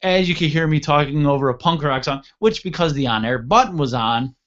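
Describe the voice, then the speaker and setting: A man's voice: a little high, lively intonation, brisk, a bit bright, lo-fi sound. A man hosting a radio talk show, telling a long anecdote in a blunt, rambling, casually profane way. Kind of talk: casual storytelling chat.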